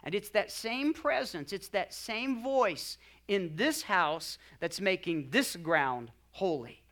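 A male pastor preaching a sermon with passion, building to loud climaxes and tossing in jokey asides to the congregation. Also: high-pitched, animated, slow pace.

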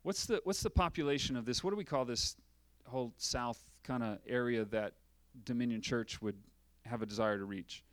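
A man's voice: medium pitch, normal speed, no room sound. A man preaching a sermon as pastor, asking rhetorical questions and acting out little dialogues.

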